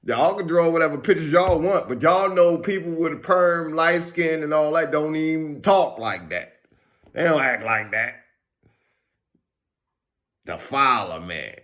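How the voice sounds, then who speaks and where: A man's voice: fairly high pitch, a little slow. A man vlogger in a casual, slangy monologue, acting out bits of conversation as he goes. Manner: animated, slangy, acts out conversations.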